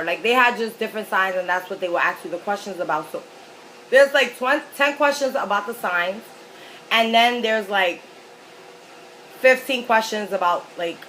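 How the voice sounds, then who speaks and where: A woman's voice: mid-range voice, fairly bright tone, a little hiss or hum, poor audio. A woman vlogger telling a story in a chatty, rambling way while she eats, with lots of fillers. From New York City. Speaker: mukbang vlogger. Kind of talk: casual storytelling while eating.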